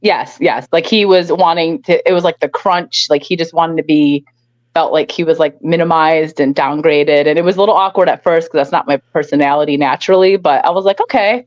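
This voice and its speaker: A woman's voice: low-pitched, steady tone, fairly quick, no echo, muffled recording. Giggly woman with an upstate New York accent. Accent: rural upstate New York. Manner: giggly, chatty, laughs between sentences. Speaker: guest. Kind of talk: casual interview chat.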